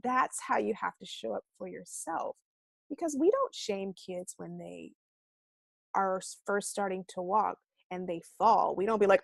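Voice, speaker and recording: An animated woman teaches a self-love class in a loose, conversational way, with a bit of casual swearing. Her voice sits at an ordinary middle pitch, recorded close and dry with no room echo. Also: unhurried, creaky. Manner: animated and expressive, acting out quoted voices; casual speech with mild swearing.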